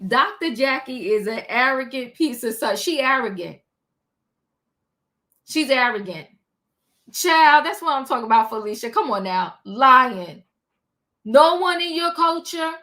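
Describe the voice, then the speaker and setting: A woman hosting a livestream, recapping a reality show in sassy, animated casual chat. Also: high voice, moderate pace. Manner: animated, sassy, talks back to the people she recaps.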